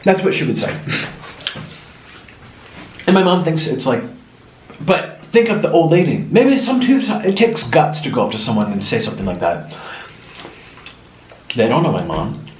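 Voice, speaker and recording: A man's voice: a little high, big pitch swings, normal speed, long pauses, darkish tone, a little hiss or hum. A young man vlogging in a casual, rambling monologue, often mimicking other people in a raised voice. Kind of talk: casual monologue while eating. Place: home room. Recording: echoey room.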